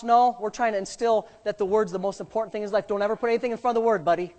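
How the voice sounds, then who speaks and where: A middle-aged man preaching a sermon as pastor, swinging from quiet, low asides to loud, fervent shouting. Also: steady tone, rapid-fire.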